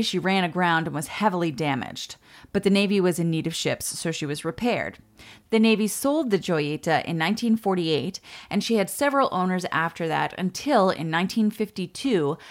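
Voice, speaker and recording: A woman co-hosting a podcast, telling a history story in a relaxed way with quick asides. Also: on the low side. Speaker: podcast co-host. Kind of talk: storytelling chat.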